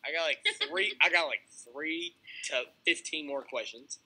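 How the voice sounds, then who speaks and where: A woman's voice: deep voice, normal speed, a crowd in the background, low-quality recording. A woman on a video chat, firing eager, pushy questions.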